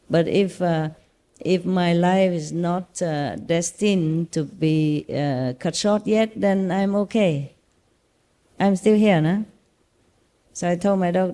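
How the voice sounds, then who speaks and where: Woman teacher w/ vietnamese accent, warm mellow voice, chatty and reassuring, laughs a lot while telling stories. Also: sits low. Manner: reassuring, animated storytelling with laughs. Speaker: spiritual teacher. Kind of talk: casual talk to disciples.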